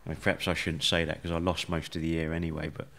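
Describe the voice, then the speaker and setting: A man, a podcast guest, telling his story in a measured, reflective way with many fillers. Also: very deep voice, level tone, fairly bright tone. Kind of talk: conversational storytelling.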